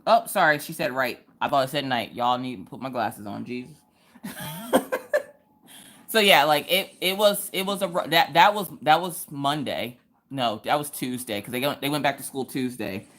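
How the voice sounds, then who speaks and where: A woman in her thirties hosting a live crafting stream, telling stories in a lively, chatty, colloquial way. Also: rumbling low, normal speed. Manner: animated, chatty storyteller, colloquial. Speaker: craft livestream host. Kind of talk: casual chat and storytelling. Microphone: streaming from home.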